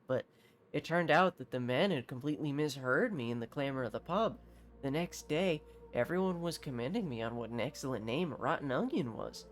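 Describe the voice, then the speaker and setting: A man voicing a smug, aristocratic male mercenary captain from a game, in a haughty, drawn-out, theatrical manner. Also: medium pitch, a little hiss or hum, close to an everyday voice. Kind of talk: reading game dialogue aloud.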